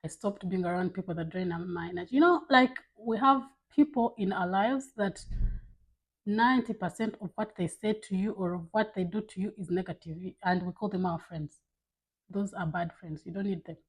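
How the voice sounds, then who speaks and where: Woman, husky voice, candid casual vlog talk, blunt, lots of fillers. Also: medium pitch, normal speed, rough recording. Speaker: vlogger.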